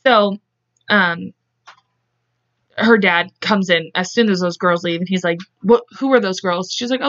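A woman hosting a podcast, retelling a case in casual chat, acting out quotes in quick voices and speaking bluntly. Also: lowish voice, a bit bright, dull audio. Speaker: podcast host. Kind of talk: casual true-crime storytelling.

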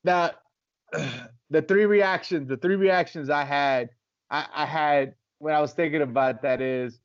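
A man with a fairly high voice chats casually as a podcast co-host. He rambles and tells stories, acting out what people say. The recording is dry and a bit dull and lo-fi. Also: a little slow, no echo. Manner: rambling, storytelling with acted-out quotes.

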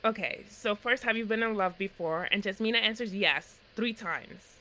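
A woman's voice: medium pitch, moderate pace, low-quality recording. A woman co-hosting a podcast, recapping a reality show in casual chat and acting out the quotes. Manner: animated storytelling, acts out quotes.

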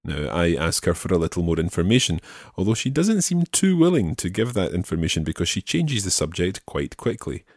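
A man teaching French phrases in a calm studio voice, repeating each phrase slowly and clearly. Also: low-pitched, no echo. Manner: slow careful repetition of phrases. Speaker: language teacher.

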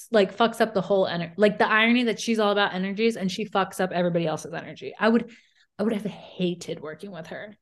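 A young woman co-hosting a podcast, chatting casually about reality TV in a blunt way, with frequent swearing. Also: mid-range voice. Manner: blunt, swearing, quick asides. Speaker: podcast co-host.

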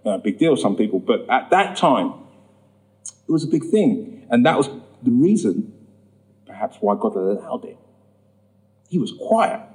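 A man telling his personal testimony in a sermon, acting out the voices in his story and rising high when he gets emphatic. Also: sing-song, unhurried, long pauses, a little mellow, poor audio. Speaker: preacher giving testimony.

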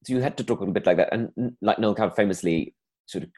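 A man's voice: fairly low pitch, quick pace, darkish tone. A man, a comedian, chatting casually in a rambling way, full of fillers and restarts. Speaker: comedian guest. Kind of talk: casual conversation.

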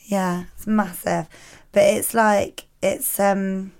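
A woman co-hosting a podcast, reading out listener rants in a blunt, sweary, animated way. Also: mid-range voice, slow pace, creaky. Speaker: podcast co-host.

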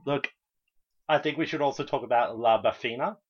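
A man's voice: mid-range voice, fairly quick, husky. A man co-hosting a casual podcast, wryly steering the talk and retelling folk tales, on a dull lo-fi recording. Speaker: podcast co-host. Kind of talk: casual chat, storytelling.

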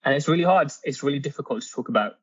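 A man's voice: mid-range voice, breathy edge, no echo. Earnest young man, dull dry sound. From Britain. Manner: earnest, halting, with frequent ums and restarts. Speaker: author and guest. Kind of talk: candid interview conversation.

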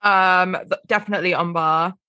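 A woman co-hosting a podcast, talking in a relaxed, conversational way. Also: fairly low pitch, normal speed, no room sound, highs cut off. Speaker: podcast co-host. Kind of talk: casual chat.

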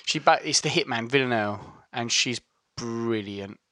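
This is a chatty man with an Essex accent, talking loosely on a podcast and tripping over his own sentences. His voice is bright and forward, recorded close and dry with no room sound. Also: mid-range voice, normal speed, no room sound. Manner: chatty, laughing, restarts and stammers. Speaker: podcast co-host. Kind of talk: casual chat.

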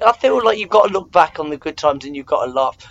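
A man's voice: on the high side, animated, quick pace, gravelly, lo-fi sound. A young man from England in his twenties, chatting casually and telling rambling stories with self-mocking asides. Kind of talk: casual chat.

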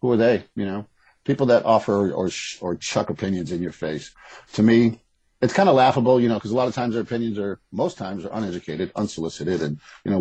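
Middle-aged man, deep husky voice, quick blunt delivery, interview guest. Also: a little mellow, no room sound, rough recording. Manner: candid, blunt, rambling with restarts. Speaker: guest, author. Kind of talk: casual interview conversation.

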